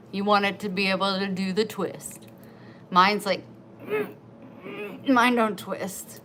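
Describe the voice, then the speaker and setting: Casual home vlogger, woman, middle-aged, unhurried and chatty, noisy home recording. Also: medium pitch. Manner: chatty, animated self-talk. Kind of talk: casual vlog chat. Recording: background noise.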